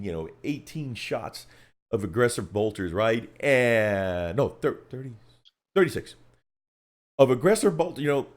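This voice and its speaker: Animated, low-voiced male stream host. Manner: animated storytelling, rambling with restarts. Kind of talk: casual live stream chat.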